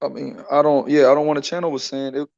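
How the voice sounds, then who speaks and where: A man's voice: a little high, little pitch movement, fast talker, creaky, darkish tone, highs cut off. A man co-hosting a casual boxing chat, talking loosely and laughing, with frequent restarts and repeated words. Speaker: boxing podcast co-host.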